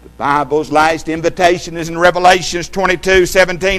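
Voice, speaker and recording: Male preacher, sermon, fairly high voice, dramatic loud and soft swings, old-fashioned scripture quotes, mains hum. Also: level tone, fairly quick. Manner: dramatic swings between loud emphasis and hushed low lines.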